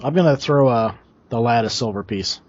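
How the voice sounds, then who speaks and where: A man's voice: medium pitch, moderate pace, slight background noise. A man casually describing his character's actions as a player in a tabletop game over a video call. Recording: muffled lo-fi online call.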